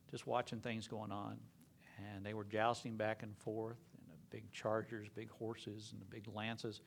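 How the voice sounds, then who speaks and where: A man preaching a sermon, telling a story earnestly and sometimes dropping to a hush. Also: fairly low pitch, gravelly. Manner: earnest, dropping to a hushed whisper at emotional moments.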